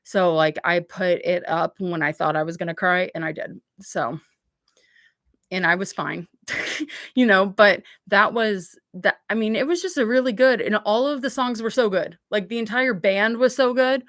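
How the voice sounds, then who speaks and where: A woman's voice: medium pitch, normal speed, a bit bright, no room sound, clean studio sound. Rambling, chatty woman livestreamer. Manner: rambling, chatty, heavy on "like" fillers; blunt, swears freely. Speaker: livestream host. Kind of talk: casual livestream chat.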